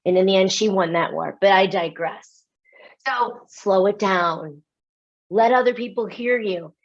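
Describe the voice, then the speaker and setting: A lively American woman gives a webinar keynote with an animated, self-mocking style, full of rapid asides and laughter. Her pitch is medium and the audio is dull.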